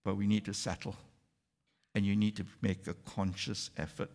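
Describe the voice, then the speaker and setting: A man preaching a sermon in an animated way, putting questions to the congregation. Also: fairly low pitch, normal speed. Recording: long hall reverb.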